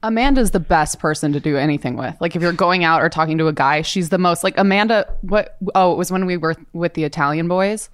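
A woman's voice: on the low side, fast, hardly any pauses, clear, resonant tone. A woman on a podcast telling an anecdote in a bubbly, eager way. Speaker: podcast guest. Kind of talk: casual storytelling.

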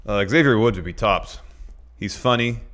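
A man's voice: lowish voice, moderate pace, fairly bright tone. A man co-hosting a casual wrestling chat, reading chat messages with laid-back, dry remarks. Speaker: podcast co-host.

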